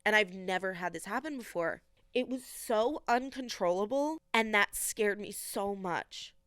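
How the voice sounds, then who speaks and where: A woman's voice: medium pitch, unhurried, a bit bright, no room sound. A young woman hosting a podcast, earnestly retelling a hard personal story with many quoted asides. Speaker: podcast host.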